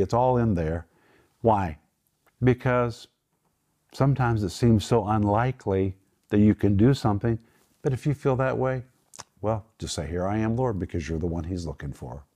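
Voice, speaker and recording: A man's voice: on the low side, warm tone. A middle-aged man teaching from the Bible on a television program, emphatic and explaining Greek words step by step.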